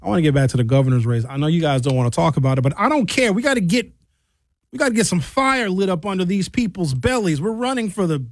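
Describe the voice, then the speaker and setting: A middle-aged man hosting a radio show, talking in an animated, opinionated way and sometimes acting out other people's voices. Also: high voice, no room sound, studio quality. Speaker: radio host. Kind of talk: casual talk radio banter and commentary.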